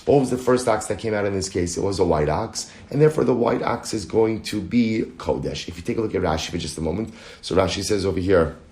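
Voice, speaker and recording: Rabbi giving a Talmud lesson, low-pitched male voice, echoey room, animated delivery. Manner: animated, explains aloud, reads Aramaic quotes quickly. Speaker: rabbi teaching daily Talmud class. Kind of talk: Talmud lecture.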